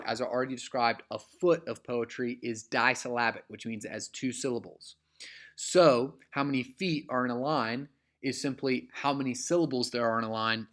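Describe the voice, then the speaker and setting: Man, teacher, casual lecture, lots of uhs and okays, mid-pitched voice. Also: fairly bright tone. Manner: conversational, many fillers, checks in with "okay?". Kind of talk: recorded classroom lecture.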